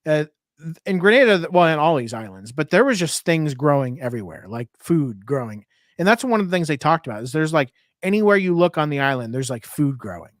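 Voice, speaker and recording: Higher-voiced easygoing podcast co-host. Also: male voice, sing-song, a little fast, no room sound, clean studio sound. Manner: chatty travel storyteller, easygoing. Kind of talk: casual podcast chat.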